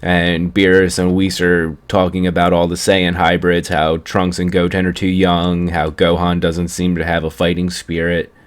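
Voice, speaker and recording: A man's voice: low-pitched, monotone, moderate pace, few pauses, smooth. A young man casually recapping an anime episode in a rambling way, chuckling at the story as he goes. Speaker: anime reviewer.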